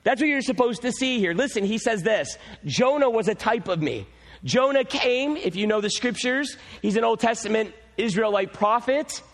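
A man preaching a sermon as pastor, telling a story with animated energy. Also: extremely high pitch, normal speed. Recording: long hall reverb.

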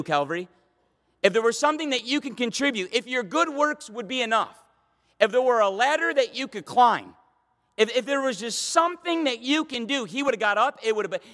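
Male pastor, high voice, impassioned sermon delivery, long hall reverb. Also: fairly bright tone. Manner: impassioned, repeats and restarts phrases.

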